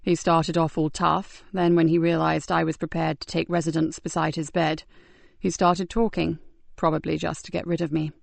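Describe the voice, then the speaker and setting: A woman voicing a calm, thoughtful male detective sergeant in an audiobook, speaking in a measured way. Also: deep voice, gravelly, no echo, heavily acted. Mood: pensive. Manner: measured and pensive. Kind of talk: audiobook character voice.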